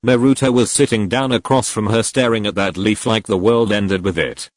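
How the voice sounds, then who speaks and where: A man's voice: on the low side, steady tone, normal speed, few pauses, no room sound. A man reading a fan story aloud as narrator. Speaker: fanfiction reader.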